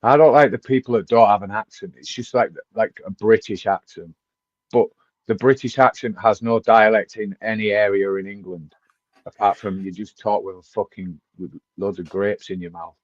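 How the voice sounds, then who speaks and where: A man with a lowish voice co-hosts a football podcast in a blunt, sweary, mock-ranting way. He comes through a dull, lo-fi remote mic. The sound is dry, with no room echo. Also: fairly even intonation, normal speed. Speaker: podcast co-host. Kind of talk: casual football podcast chat.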